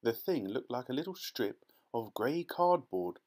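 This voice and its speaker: Man, audiobook narrator, children's novel, expressive, medium pitch. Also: measured pace.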